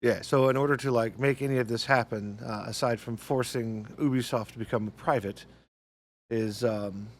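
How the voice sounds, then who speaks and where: Halting man reading out gaming news. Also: mid-range voice, fairly even intonation. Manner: halting, many restarts and fillers. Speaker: podcast co-host reading news. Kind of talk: casual gaming news chat.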